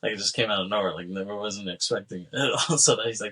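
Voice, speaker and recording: A man's voice: lowish voice, steady tone, quick pace, hardly any pauses, pushed and bright, slightly rough, low-quality recording. A man co-hosting a podcast, casually recapping a film scene by scene, acting out the characters' lines and laughing between them. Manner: rambling recap with acted-out quotes and laughs. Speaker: podcast co-host.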